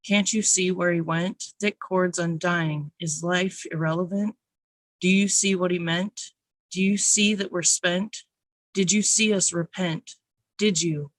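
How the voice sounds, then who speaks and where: A nervous open mic poet giving an intense, raw spoken word reading, slowing down on emphatic phrases. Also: mid-range voice, a bit bright, no echo. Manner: nervous, first time reading for strangers.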